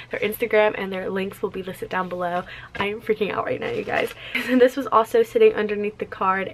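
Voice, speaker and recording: A young woman chatting casually to camera in a vlog, bubbly and gushing, often saying "you guys" and "like". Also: medium pitch. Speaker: vlogger.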